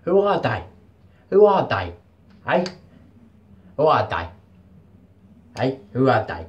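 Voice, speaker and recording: A man putting on a mock Cockney accent, loudly repeating the same demanding question. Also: medium pitch, sing-song, slow pace, lo-fi sound, pitched above the performer's own voice. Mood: insistent. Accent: put-on Cockney.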